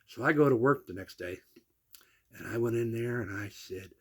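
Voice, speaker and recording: A man's voice: medium pitch, moderate pace. A man in his sixties telling salty family stories in a casual way, acting out the people he quotes. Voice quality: gravelly, husky voice. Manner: animated, salty storyteller who acts out the people he quotes. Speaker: storyteller. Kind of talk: casual personal storytelling.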